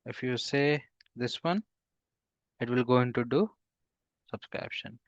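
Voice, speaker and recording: Male instructor, mid-pitched, dry dull lo-fi sound, halting delivery with fillers, quizzes the class. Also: no echo. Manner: halting, with frequent fillers and restarts. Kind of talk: live coding class.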